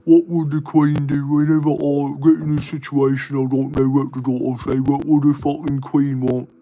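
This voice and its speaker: Guy putting on a fake english accent, sweary pompous gent, mellow and a bit high. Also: level tone, moderate pace, natural voice, low-quality recording. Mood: blustering. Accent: put-on English. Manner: profane, blustering, keeps invoking the Queen. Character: crude swearing self-styled English gentleman. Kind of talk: comic improv bit during a casual build stream.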